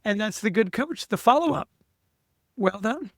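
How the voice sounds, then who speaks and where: A man co-hosting a podcast interview, chatting enthusiastically in a coaching tone and leading quick-fire questions. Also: high-pitched, lively intonation, dry recording, clean studio sound. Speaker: podcast co-host. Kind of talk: casual interview chat.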